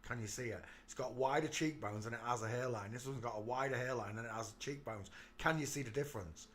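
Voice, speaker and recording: Fast and fairly bright, a mid-range male voice delivers jeering commentary over photos on his channel, speaking straight to the viewer and breaking into laughs. The audio carries a little hiss or hum.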